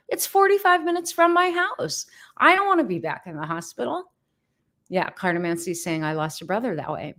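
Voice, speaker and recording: A woman's voice: medium pitch, very animated, moderate pace, fairly bright tone. A woman vlogger telling a story in a casual livestream chat, emphatic, exasperated and blunt.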